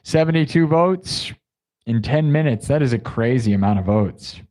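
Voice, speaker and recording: A man's voice: mid-range voice, expressive, moderate pace, a little mellow. A man hosting an improvised music and story livestream, talking casually and joking around with his viewers in a rambling way. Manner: playful, rambling, joking asides to chat.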